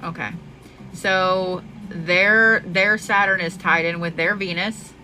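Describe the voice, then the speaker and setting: A woman's voice: fairly low pitch, steady tone, slow pace, low-quality recording. A woman giving a live astrology reading, chatty, affectionate and freely profane. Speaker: astrology reader. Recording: music playing behind. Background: clear background music.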